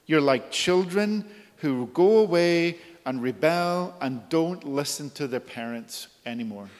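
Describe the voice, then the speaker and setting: A man preaching a sermon in a church, earnest and deliberate, his voice rising in urgent questions as he voices the prophet's appeals. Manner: slow, earnest, rises high and urgent when voicing God's appeals. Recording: long reverb of a hall.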